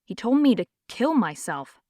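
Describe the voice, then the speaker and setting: A woman's voice: on the high side, very animated, moderate pace, warm tone, no echo, clean studio sound. A woman narrator voicing a bewildered young man who has just come out of a possession, in an audiobook. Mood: shaken. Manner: bewildered, accusing. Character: young man, shaken and confused after possession.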